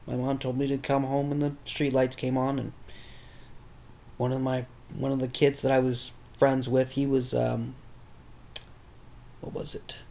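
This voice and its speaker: A man's voice: mid-range voice, little pitch movement, a little slow, creaky, pauses often, dark tone. A young man candidly telling a personal story, rambling and swearing, as a podcast host. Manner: candid, rambling, with crude language.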